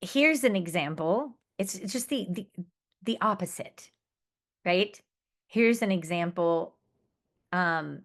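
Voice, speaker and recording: A woman giving a conference presentation, explaining research findings in an earnest, explanatory way and reading out quoted student words. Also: medium pitch.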